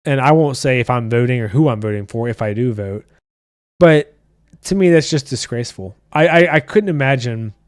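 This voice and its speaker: Man, podcast host, mid-pitched, blunt and profane, casual chat, dry close sound. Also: animated, normal speed, no room sound.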